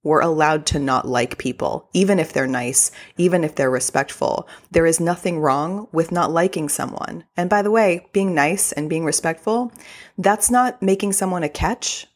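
A woman's voice: low-pitched, moderate pace. A woman hosting a podcast, talking in an upbeat, gushing way with the odd filler word. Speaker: podcast host. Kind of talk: casual podcast monologue.

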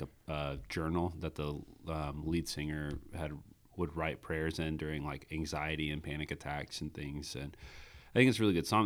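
Very deep-voiced earnest male podcast host. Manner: earnest, many fillers and restarts. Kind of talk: casual faith discussion chat.

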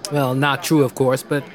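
An actor playing a heavyset, mock-friendly stranger who rambles and taunts in an audio drama. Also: male voice, mid-range voice, close to an everyday voice. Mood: taunting. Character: menacing, playful heavyset man.

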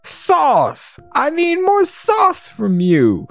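A gleeful, leering goblin guard from a game, put on by a man reading the lines aloud. He squeals his lines high and excited, his voice leaping up and down. He sounds giddy. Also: slow, faint music behind, heavily acted. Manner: excited, high-pitched exclaiming.

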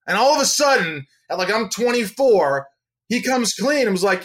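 Animated storytelling man, podcast guest. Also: high voice, fast talker. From United States, raised in Indiana. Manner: animated storyteller, acts out voices in his anecdotes.

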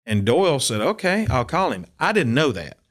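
A man's voice: mid-range voice, very animated, normal speed, fairly bright tone. A man, a country and bluegrass singer, telling stories in an interview and acting out quotes with animation. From Upper Cumberland, Tennessee. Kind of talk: storytelling interview.

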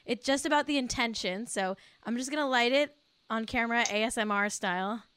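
A woman's voice: fairly high pitch, a little fast, fairly bright tone, clean tone. A young woman co-hosting a casual gossip podcast, playful and mock-solemn. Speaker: podcast co-host. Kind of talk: casual celebrity gossip chat.

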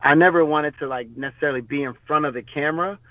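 A man's voice: on the high side, quick pace, dry recording. A man, a podcast guest, telling stories in a loose, rambling way with many fillers and restarts. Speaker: podcast guest, former bodyguard. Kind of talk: casual storytelling interview. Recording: tinny phone-line sound.

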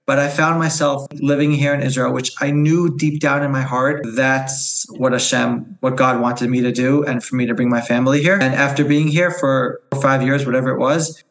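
A man's voice: mid-range voice, reverberant, poor audio. A man in his forties from New York, a podcast guest, telling a personal story earnestly and candidly, often repeating words as he searches for them.

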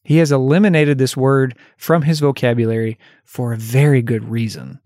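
A man in a middle pitch talks through a solo coaching podcast in an unscripted, conversational way. He laughs at himself now and then and brightens when voicing example phrases. The sound is dry and close, with no room around it. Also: fairly even intonation, normal speed, no room sound. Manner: lifts his voice when acting out example phrases. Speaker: life coach and podcast host.

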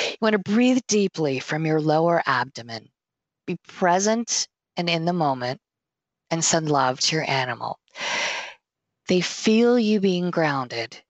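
A middle-aged woman hosting a podcast, giving casual pet-care advice in an earnest, gently insistent way, laughing easily. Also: fairly low pitch, dry recording. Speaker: podcast host and pet sitter.

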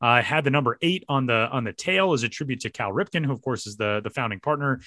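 A man hosting a casual podcast, joking around and quick to laugh. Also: mid-range voice, no room sound, clean studio sound. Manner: jokey, animated, quick to laugh. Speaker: podcast host.

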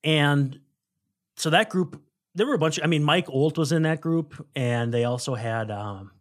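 A man's voice: on the high side, normal speed. A man co-hosting a baseball podcast, talking casually and rambling through scouting notes with frequent self-corrections. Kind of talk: casual sports chat.

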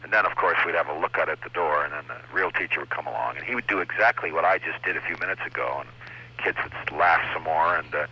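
Deep, husky Canadian-raised storyteller. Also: male voice, quick pace. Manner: chatty, laughing storyteller who slips into voices. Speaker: impressionist guest. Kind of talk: anecdotal interview chat. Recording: lo-fi radio recording.

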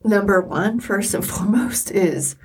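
A woman's voice: mid-range voice, a little slow, a little mellow, breathy edge. A middle-aged woman co-hosting a podcast, telling personal stories candidly and with emotion. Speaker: podcast co-host. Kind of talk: casual chat.

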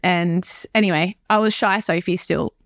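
A woman's voice: fairly low pitch, normal speed, no echo, studio quality. Young woman telling her story. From Australia. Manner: candid, animated storytelling with laughs. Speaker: guest. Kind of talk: personal story in a podcast interview.

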